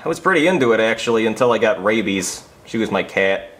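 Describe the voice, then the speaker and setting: A man playing a hapless police officer who rambles in a deadpan way. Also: fairly low pitch, quick pace.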